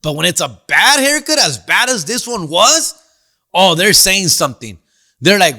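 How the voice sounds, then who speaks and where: La comedian guy, bright sharp voice, slangy and cussing, chatty podcast host. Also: high voice, a little fast. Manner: slangy, profane, animated storyteller; answers listener questions. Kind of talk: casual comedic storytelling.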